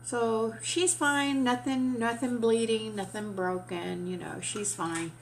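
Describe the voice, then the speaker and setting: A woman's voice: fairly high pitch, steady tone, slow, creaky, slight background noise. Chatty woman vlogger, swearing casually. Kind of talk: casual storytelling.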